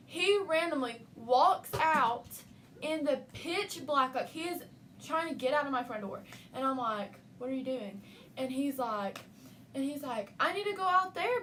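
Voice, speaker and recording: A young woman casually telling a spooky story about her nephew, acting out his lines. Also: high voice. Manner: animated, acts out a child's lines. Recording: faint noise, voice from a distance.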